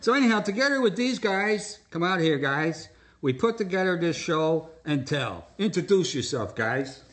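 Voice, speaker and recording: Hosting a live stage show, a man jokes with the audience and coaxes them along in comic patter. His voice is fairly high with big swings in pitch, at a normal speed.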